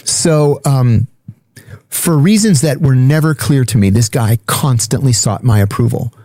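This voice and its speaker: Man, guest storyteller, blunt and profane, mellow dark voice, dry sound. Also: mid-range voice, unhurried, no echo. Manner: blunt, profane, matter-of-fact. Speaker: podcast guest. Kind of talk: casual storytelling.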